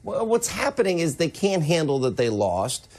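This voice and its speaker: A man hosting a TV news interview, giving brisk and combative commentary. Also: a little high, big pitch swings, a little mellow. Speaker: TV news host.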